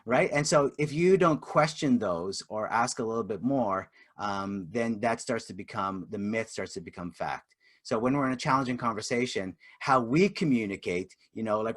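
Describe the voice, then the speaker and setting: A man's voice: lowish voice, normal speed. A middle-aged man presenting a workplace communication webinar, chatty with lots of fillers, acting out example lines. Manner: chatty, many fillers, acts out example dialogue. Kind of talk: interactive webinar teaching.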